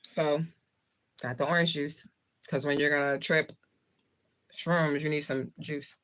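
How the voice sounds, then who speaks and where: A woman's voice: sits low, steady tone, measured pace, a bit bright. A woman from the southern United States, talking casually to viewers on a livestream, with a rambling, loose delivery. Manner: rambling, talks while eating. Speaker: livestream host. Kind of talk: casual live chat with viewers.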